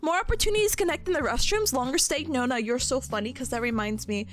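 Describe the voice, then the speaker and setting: A woman's voice: sits high, quick pace. A young woman streamer chatting casually with her viewers, laughing often. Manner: giggly, animated, laughing often. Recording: faint music behind.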